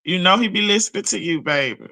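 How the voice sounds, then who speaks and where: This livestream host is a woman with a lowish voice who talks fast. She keeps things casual, telling profane, energetic stories and giving shout-outs to chat viewers.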